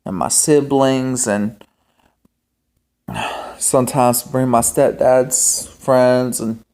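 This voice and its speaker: A young man vlogging in a casual, rambling monologue, halting with many ums and restarts. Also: medium pitch, steady tone, darkish tone, smooth. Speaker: homestead vlogger.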